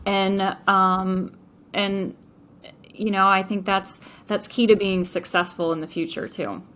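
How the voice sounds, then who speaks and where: Woman guest on a business podcast, mid-pitched, eager and animated in tone, lots of "you know". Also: takes it slowly. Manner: enthusiastic, frequent fillers. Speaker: entrepreneur guest. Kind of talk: podcast interview.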